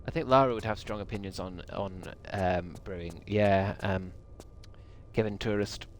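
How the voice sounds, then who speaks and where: A man's voice: on the low side, steady tone, moderate pace, a little hiss or hum. A man streaming a video game, rambling and swearing with a sarcastic edge. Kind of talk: gaming livestream commentary.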